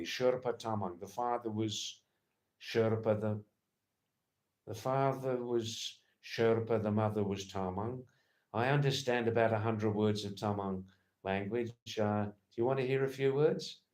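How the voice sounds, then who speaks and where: Slow, rambling man chatting on a livestream. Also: medium pitch, darkish tone. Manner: slow, rambling, playful, repeats words and phrases. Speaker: livestream host. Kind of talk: casual livestream chat reading viewer comments. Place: lives in Nepal.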